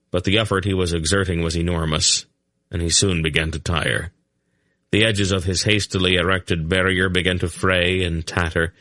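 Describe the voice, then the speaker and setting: Deep-voiced male audiobook narrator. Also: sharp tone, dry recording, clean studio sound.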